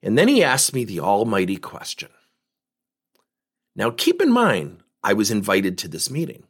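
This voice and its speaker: Man, sales coach, husky, lively storyteller, wide-ranging pitch. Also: normal speed. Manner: lively storyteller who acts out both sides of conversations. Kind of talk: storytelling talk.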